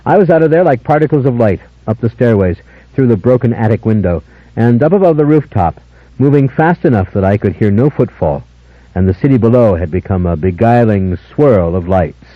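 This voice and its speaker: A man narrating an unabridged audiobook in a measured, dramatic first-person style. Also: medium pitch, lively intonation, no room sound. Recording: dull lo-fi older audiobook, dry.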